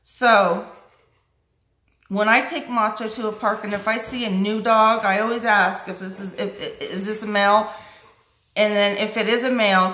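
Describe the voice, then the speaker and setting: A woman's voice: sharp tone, echoey room, low-quality recording. A woman answering viewer questions about her dog in a casual vlog, rambling with lots of fillers and restarts. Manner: high sing-song baby talk to her dog. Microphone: phone held while scrolling.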